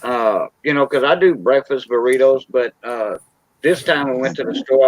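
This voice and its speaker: A Cajun man from South Louisiana hosting a live stream and chatting loosely, tossing in lots of "you know" as he rambles. His voice sits at an ordinary middle pitch. The recording is dry and close, with no room sound. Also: moderate pace, dry recording, rough recording. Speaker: stream host. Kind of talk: casual chat on a live stream.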